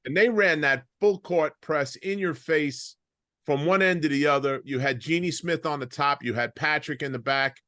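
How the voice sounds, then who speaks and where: A former player in his late fifties with a Long Island accent hosts a casual podcast over a video call, rambling and constantly saying "you know." His voice is fairly high and sharp, at a moderate pace, with clean, echo-free studio sound.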